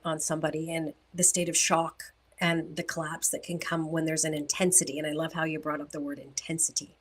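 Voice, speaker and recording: A woman co-hosting a relationship podcast, speaking thoughtfully and asking clarifying questions in casual talk. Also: low-pitched. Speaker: podcast co-host.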